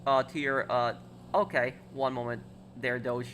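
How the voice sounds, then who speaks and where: A man's voice: mid-range voice, fairly even intonation, unhurried, a bit bright, slight background noise. A man streaming a game, chatting casually with viewers and reading chat aloud, with lots of fillers and restarts. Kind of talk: casual live-stream chat while gaming.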